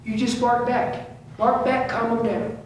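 At a measured pace and with little pitch movement, a very high-voiced man gives a casual hunting seminar about calling elk inside a big store. Repeating key phrases, speaking as the elk, and using slang, he sounds distant from the mic, with room echo and a faint hum.

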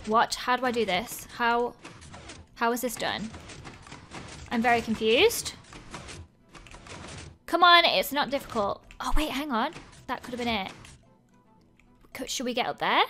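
A young woman with a high, bright, sharp voice narrates her gameplay in casual, excitable commentary. She talks to herself as she goes and gasps and cheers at every find, with faint music underneath. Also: moderate pace. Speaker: gaming video host.

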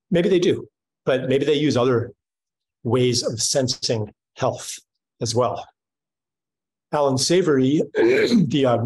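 A middle-aged man speaking on a panel talks thoughtfully in a reflective conversation, often restarting and using fillers. His medium-pitched voice is husky, and the recording is rough.

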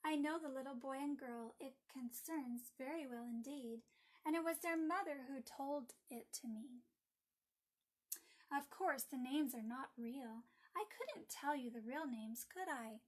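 A woman teaching Sabbath School, reading a bedtime story aloud to children in an expressive, storytelling way. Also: sits high, measured pace.

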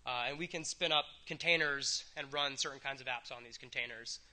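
Man, conference talk, very bright tone, casual, filler-heavy. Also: medium pitch, a little fast. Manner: casual, many ums and uhs, loose wry asides. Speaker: conference speaker. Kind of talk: technical conference presentation.

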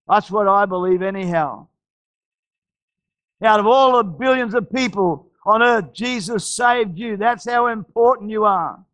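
With an Australian accent, this man preaches as a pastor, exhorting his congregation through repetition and stammered restarts. He has a high-pitched, somewhat bright voice. There's no room sound, and the audio quality is low.

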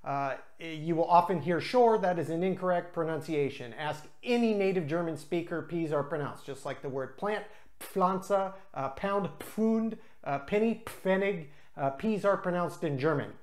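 A craft beer reviewer hosting his own channel, tasting and explaining beers in a casual, unscripted way, chatty, with frequent filler pauses. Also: mid-range voice, a little mellow.

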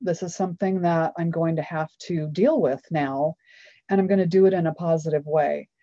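A woman's voice: deep voice, steady tone, moderate pace, mellow, no echo, lo-fi sound. A woman guest on an interview show, a law of attraction trainer telling her story in a candid, upbeat way and laughing often.

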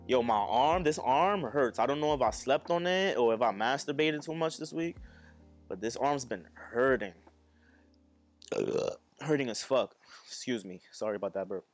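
A man in casual live-stream chat, joking crudely and laughing as he talks to his viewers. His voice sits at an average pitch, and clear music plays underneath the whole time. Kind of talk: casual live-stream chat while building a model kit.

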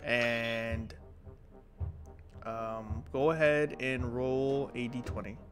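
A man's voice: medium pitch, fairly even intonation, extremely slow, fairly bright tone. A man acting as dungeon master on a live stream, narrating combat in a casual, profane way with frequent ums. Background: background music.

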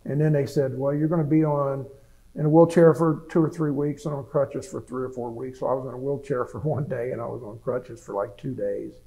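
Older man, gravelly voice, plainspoken rambling storyteller, oral history interview. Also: mid-range voice, fairly even intonation, brisk, mellow, low-quality recording. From United States. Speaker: veteran interviewee.

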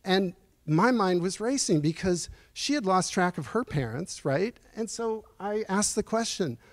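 A man's voice: high voice, expressive, dry recording. Earnest man in his sixties, dry sound. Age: 60s. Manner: earnest, reflective, halting with pauses. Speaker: guest speaker at a lecture series. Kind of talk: personal storytelling lecture. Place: university auditorium.

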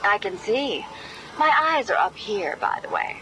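Game cat burglar: sarcastic, teasing, defiant, very expressive inflection. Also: female voice, medium pitch, a little slow, slight background noise, poor audio.

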